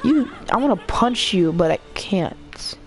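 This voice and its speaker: A woman giving casual commentary while playing a video game, excitable, often squealing and laughing at the screen. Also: medium pitch, measured pace, faint music behind. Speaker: gamer.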